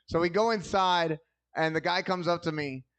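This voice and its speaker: A man's voice: a little high, moderate pace, fairly bright tone, clear, resonant tone. A man doing a stand-up comedy set on a club stage, telling loose, rambling stories full of crude jokes into a handheld mic.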